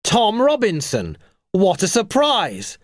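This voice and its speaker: A shady, smooth-talking businessman who drawls slowly and showily, as a man reads him in an audiobook. Lively swings in pitch. Dry, close recording. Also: dry recording.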